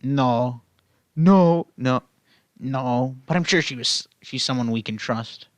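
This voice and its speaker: A man's voice: medium pitch, takes it slowly, dry recording, close to an everyday voice. A man voicing a timid, cautious male hero who hesitates and repeats himself. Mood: reassuring.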